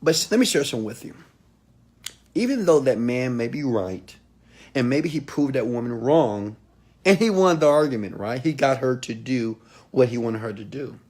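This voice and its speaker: Husky, emphatic motivational speaker man. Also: mid-range voice, expressive, moderate pace. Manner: emphatic, swings between loud outbursts and quiet asides. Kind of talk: motivational talk to camera.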